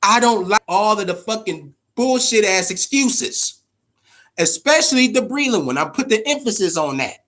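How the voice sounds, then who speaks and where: A man's voice: sits high, expressive, moderate pace, fairly bright tone. A man hosting a boxing podcast, talking in a loose, profane, emphatic way and repeating words as he gets going. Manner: addresses chat viewers directly. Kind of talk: casual live-stream commentary.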